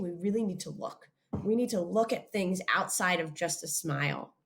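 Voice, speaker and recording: Lively woman giving a talk to young kids. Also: fairly high pitch. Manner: lively, expressive, speaks straight to children with questions. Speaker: school chapel speaker.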